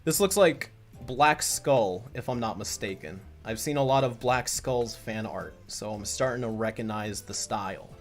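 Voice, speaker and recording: A man's voice: lowish voice, expressive, a little slow, soft background music. A man hosting a casual livestream as a comic creator, chatty and rambling, full of restarts.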